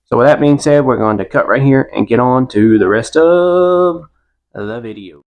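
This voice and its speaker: A man's voice: mid-range voice, moderate pace. A man, co-hosting a podcast and telling stories in a laid-back, casual chat. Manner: laid-back storytelling with a Southern "y'all". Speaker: podcast co-host.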